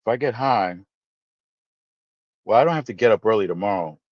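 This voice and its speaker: A man hosting a live stream, chatting casually with viewers and teasing them in playful, animated asides. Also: fairly low pitch, a little fast, no room sound, lo-fi sound. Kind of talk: casual chat reading viewer comments.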